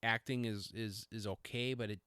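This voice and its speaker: A man's voice: on the low side, steady tone, normal speed, bright, forceful tone, clean tone, dry recording, clean studio sound. A middle-aged man hosting a podcast, talking in a rambling, self-interrupting, jokey way. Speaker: podcast host. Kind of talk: casual rambling monologue.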